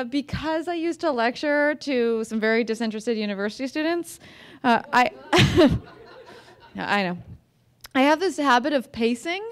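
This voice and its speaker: Chatty American woman author at a talk. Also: high voice. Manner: chatty, self-deprecating, many fillers and restarts. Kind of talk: casual talk to an audience. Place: museum event room.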